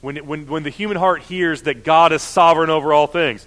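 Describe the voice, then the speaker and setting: A man's voice: on the high side, fairly even intonation, brisk, hardly any pauses, a bit bright. A man preaching a sermon in a conversational way, often acting out the voices of objectors. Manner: conversational, with frequent fillers and mock voices of objectors.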